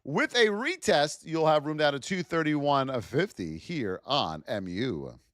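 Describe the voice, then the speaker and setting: A man hosts a live trading stream, calling out price levels in a high, smooth voice. His delivery swings up and down with hype-filled, sing-song energy. The sound is dry and close to the mic. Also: animated, measured pace, a bit bright, no room sound. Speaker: trading livestream host. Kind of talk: live market commentary.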